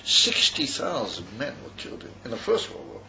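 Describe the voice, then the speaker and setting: At a yeshiva gathering, an older man from Australia rambles through a story, often repeating and restarting, and weaves in Yiddish words. His mid-range, creaky voice moves at a normal speed with huge swings in pitch, captured on a dull, noisy recording.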